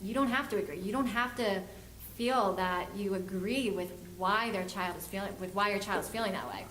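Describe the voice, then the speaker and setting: A woman's voice: medium pitch, brisk, fairly bright tone, a little hiss or hum. A woman, a family therapist, giving a workshop lecture and acting out the parents and kids she quotes. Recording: echoey room, faint ambience.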